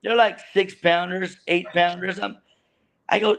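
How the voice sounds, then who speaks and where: A man's voice: high-pitched, steady tone, slow, creaky, long pauses. A man telling a long, rambling story about his fishing boat days, full of restarts and laughter. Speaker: guest, veteran fishing boat deckhand. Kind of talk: casual storytelling chat.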